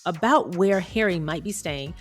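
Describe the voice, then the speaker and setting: A woman's voice: on the low side, moderate pace, faint music behind. A woman reading a celebrity news article aloud and breaking off into playful, chatty tangents.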